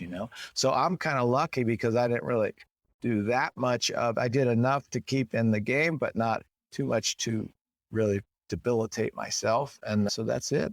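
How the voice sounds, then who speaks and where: A man in his sixties, talking loosely and at length as a podcast guest. He rambles, restarts his thoughts and jumps into a higher, playful voice when he acts out what people say. The sound is dry and close, with no room around it. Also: no room sound. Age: 60s. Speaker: guest potter. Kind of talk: casual interview.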